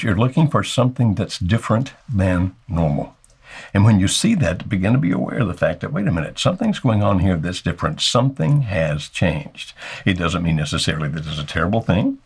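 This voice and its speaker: An older man speaks in a low, gravelly register with a husky edge to his voice. He gives marriage advice in a folksy way, playing out small husband-and-wife exchanges as he goes. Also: a little mellow. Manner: folksy, acts out little dialogues with chuckles. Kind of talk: advice talk to camera.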